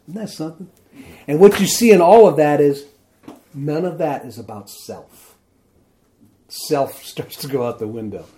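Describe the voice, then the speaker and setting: A man preaching a sermon in a relaxed, conversational way, reading scripture aloud and often asking "see?" to his listeners. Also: medium pitch. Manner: conversational, asks "see?" and "isn't that something?"; reads scripture aloud with emphasis. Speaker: pastor.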